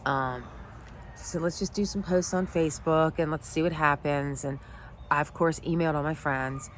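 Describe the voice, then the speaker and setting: A woman's voice: low-pitched, steady tone, normal speed, slight background noise. A middle-aged woman, a life coach, telling a personal story in an emotional, heartfelt way. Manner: emotional, heartfelt, teary at times.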